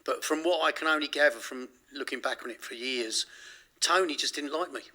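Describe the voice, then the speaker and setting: Bright-voiced Englishman telling a rambling story. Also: medium pitch, brisk. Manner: rambling, self-correcting, frequent restarts. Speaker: interview guest. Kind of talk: candid storytelling in an interview.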